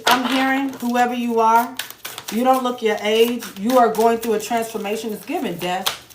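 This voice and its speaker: A woman giving a casual tarot reading to her viewers, blunt and profane, with joking asides. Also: a little high. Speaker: tarot reader. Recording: echoey room with faint noise.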